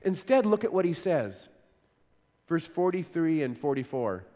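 A man's voice: a little high, very animated, a little slow, warm tone, in a large hall. A man preaching a sermon as pastor, earnest and conversational, often repeating words as he explains.

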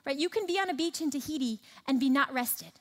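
A woman's voice: sits high, lively intonation, fast talker, in a large hall. A woman preaching a sermon, emphatic, repeating phrases for rhythm. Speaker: speaker at a church teaching session.

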